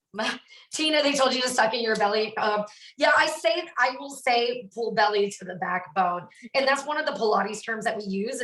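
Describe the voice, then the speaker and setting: A woman's voice: medium pitch, a bit bright. A woman fitness instructor, chatting in a bubbly way while she cooks and answers viewers by name. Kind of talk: casual cooking chat on a live stream. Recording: roomy sound, mic at a distance.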